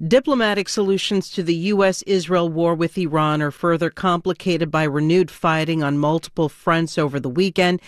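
A woman newscaster reading the news in a crisp, even delivery. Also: on the low side, no room sound, studio quality.

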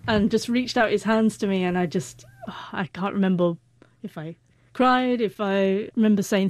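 Female interview guest in her forties; stutters on word starts, warm mellow voice, dry recording. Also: medium pitch, normal speed, few pauses, dry recording. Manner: heartfelt, reflective. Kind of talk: personal storytelling.

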